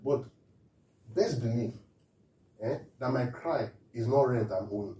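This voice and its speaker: A man's voice: mid-range voice, a little slow, echoey room, recorded from a distance, dull audio. A man preaching a humorous sermon, laughing often and checking in with his listeners. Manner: animated, laughing often, asks the audience questions.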